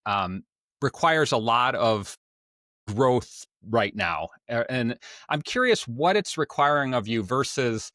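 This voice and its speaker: A man's voice: medium pitch, lively intonation, slow pace, fairly bright tone, no room sound, clean studio sound. A man co-hosting a podcast in casual chat, talking loosely and laughing often. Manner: chatty, laughs often, loose filler-heavy talk. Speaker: podcast co-host.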